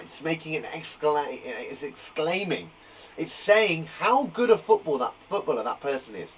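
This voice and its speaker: A man's voice: mid-range voice, big pitch swings, moderate pace, distant mic, slight background noise, poor audio. A man teaching a live online lesson to young children, upbeat and playful, from a small garden shed. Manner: upbeat, playful, exaggerated sound effects. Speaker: primary school teacher.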